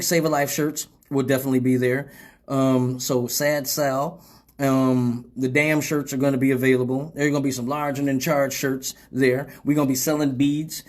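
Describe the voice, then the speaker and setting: A man hosting a casual live show, rambling loosely and swearing freely after a few drinks. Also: medium pitch. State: tipsy from drinking. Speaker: host.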